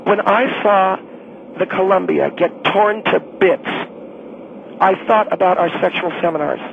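A man's voice: measured pace, slight background noise. A man voicing a blunt, condescending middle-aged woman who runs a homeowners' association and calls into a talk show. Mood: indignant. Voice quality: high, gravelly. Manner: condescending, pushy, tactless. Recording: tinny phone line.

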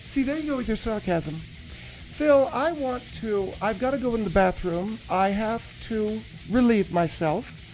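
A man's voice: sits high, expressive, measured pace, a little mellow, faint music behind, voice pushed up. A man voicing a fussy, easily offended wife who calls in to the show. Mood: indignant. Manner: prim, indignant, takes offense. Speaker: caller.

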